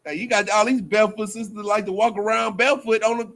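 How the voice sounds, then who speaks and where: In a high-pitched, somewhat bright voice with fairly even intonation, a man talks fast as he preaches casually to a group. His delivery is rambling and colloquial, packed with slang and repeated phrases.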